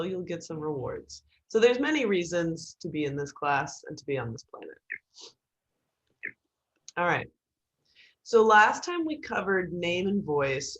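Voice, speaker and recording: A woman instructor giving an online writing class in a joking, lively way, over a video call. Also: on the low side, highs cut off.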